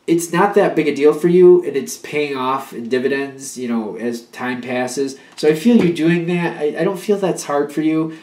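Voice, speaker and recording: A man's voice: on the high side, fairly even intonation, normal speed, hardly any pauses, darkish tone, echoey room. A man giving a casual spoken tarot reading. He rambles and restarts as he talks, and now and then acts out an imagined partner's pleas. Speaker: tarot reader.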